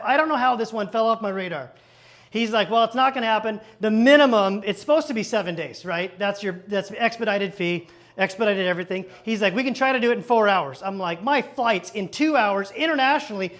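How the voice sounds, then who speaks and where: A man with a very high-pitched voice preaches by storytelling. He acts out each exchange in animated bursts and throws quick asides to the congregation from a church stage. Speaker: pastor. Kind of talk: storytelling sermon.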